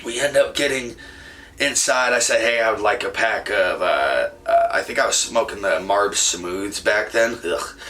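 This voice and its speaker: A man's voice: lowish voice, measured pace, sharp tone. Profane laughing man telling a story. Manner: rambling, profane, laughs often. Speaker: podcast host. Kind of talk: casual storytelling.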